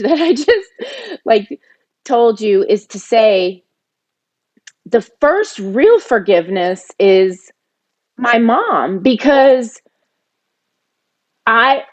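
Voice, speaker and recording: A middle-aged woman telling a personal family story, animated when she acts out arguments. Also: medium pitch. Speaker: podcast guest.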